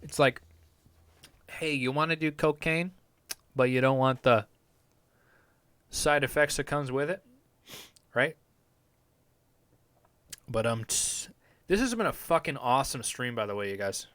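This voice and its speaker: A man's voice: mid-range voice, animated, a little slow, long pauses, a bit bright, smooth, dry recording. A young man chatting casually on a live stream from his home basement, rambling and swearing often in a laid-back way.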